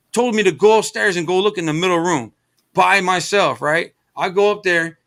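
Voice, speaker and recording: A middle-aged man from the Los Angeles area, hosting a stream, tells a drawn-out, rambling story in casual conversation, full of profanity and fillers. His voice is high-pitched and a bit bright.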